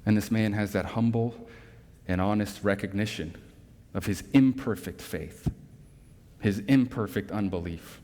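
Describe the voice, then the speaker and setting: A man's voice: fairly low pitch, measured pace, warm tone. A man preaching a sermon as pastor, emphatic, drawing in listeners with rhetorical tag questions. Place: church sanctuary. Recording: long reverb from a large hall.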